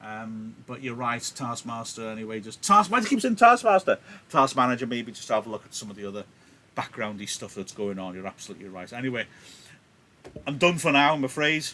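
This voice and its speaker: A man's voice: medium pitch, very animated, fairly quick, bright, forceful tone. A man teaching live, reading a play aloud and explaining it in a joking, chatty way over a laptop mic.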